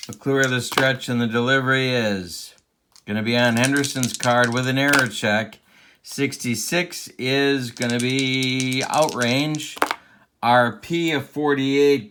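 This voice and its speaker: A man's voice: medium pitch, a bit bright, slight background noise. A man doing play-by-play commentary of a tabletop baseball game replay, with an announcer cadence and open rooting for his team. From Central Illinois.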